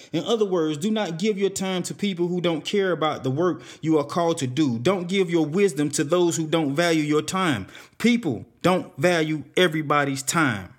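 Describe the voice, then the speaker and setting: A man preaching a sermon, reading scripture passages aloud and explaining them with repeated exhortations. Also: a little high.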